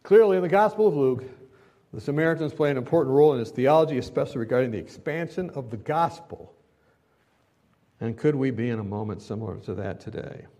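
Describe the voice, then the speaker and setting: An impassioned man preaching a sermon, pitched in the middle for a man. His delivery swells from hushed to loud, and he puts questions to the congregation. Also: lively intonation, fast. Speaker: pastor.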